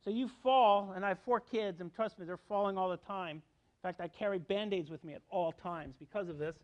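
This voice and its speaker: A man's voice: sits high, a little fast, dull audio. A middle-aged man giving a university biology lecture, explaining step by step and checking in with students. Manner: explanatory, asks students questions, frequent "okay?". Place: lecture hall.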